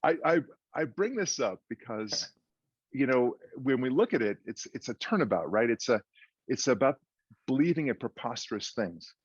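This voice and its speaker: A man's voice: mid-range voice, very animated, moderate pace, slightly rough, no echo. A man giving a speech, telling a joke in a conversational, storytelling way. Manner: conversational storyteller, frequent restarts. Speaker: guest speaker. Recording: dull muffled dry audio.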